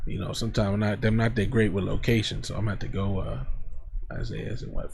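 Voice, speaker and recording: A man's voice: fairly low pitch, little pitch movement, quick pace, creaky, background noise. A man teaching from scripture, reading verses aloud and then explaining them in casual, blunt street talk. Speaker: preacher.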